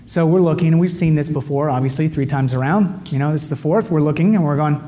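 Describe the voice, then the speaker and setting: A middle-aged man giving an animated storytelling testimony, his voice leaping up with excitement as he acts out dialogue. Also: fairly high pitch, fast. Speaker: speaker giving a personal testimony.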